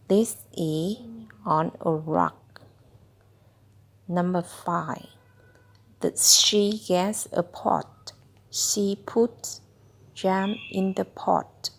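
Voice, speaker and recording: A woman reads a children's phonics lesson aloud at a very slow, careful pace, sounding out each word. Her voice has a gravelly, creaky edge. She paces it like a patient tutor working through the book with a child. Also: lowish voice, fairly even intonation. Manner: slow, deliberate word-by-word reading. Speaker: reading tutor.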